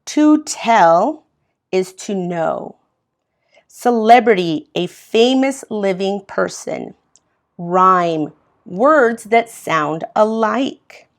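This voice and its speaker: A woman's voice: medium pitch, expressive, extremely slow. A woman from Mexico teaching an English as a second language class, reading from a textbook and patiently explaining words step by step.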